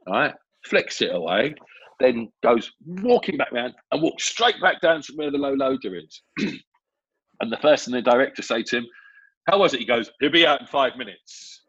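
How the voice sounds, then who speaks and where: A man, a film assistant director telling lively, casual anecdotes and acting out the voices he quotes. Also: mid-range voice, normal speed, husky, no echo. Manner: lively storyteller who acts out quoted voices. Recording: dull, dry lo-fi audio.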